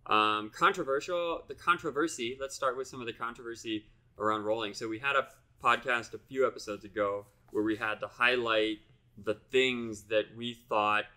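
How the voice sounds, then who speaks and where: A man co-hosting a podcast, talking in a loose, chatty way. His voice is bright and tense at the edges, and he drifts easily from one topic to the next with a playful streak. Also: mid-range voice. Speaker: podcast co-host. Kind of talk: casual podcast chat.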